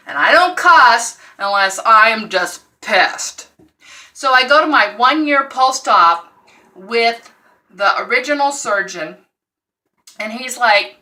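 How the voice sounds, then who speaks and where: Woman, casual vlog, exasperated storytelling, very bright voice, slow pace. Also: fairly high pitch, distant mic. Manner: exasperated, animated storytelling with quoted dialogue. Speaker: vlogger sharing her surgery recovery.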